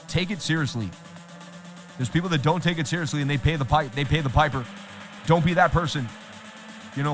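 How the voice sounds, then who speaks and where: A man's voice: a little high, fairly bright tone. A man hosting a casual livestream about trading, chatting in a rambling, repetitive way.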